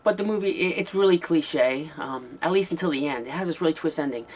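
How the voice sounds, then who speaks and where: A man's voice: a little high, brisk, a little hiss or hum. A man giving a casual, rambling spoken review of an old horror tape, with frequent ums and restarts. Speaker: VHS movie reviewer.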